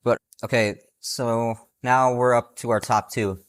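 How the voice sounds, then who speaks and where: A man's voice: mid-range voice, steady tone, a little slow, dry recording. Earnest young man, dry close mic. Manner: earnest, reflective about films. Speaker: podcast co-host. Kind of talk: casual chat.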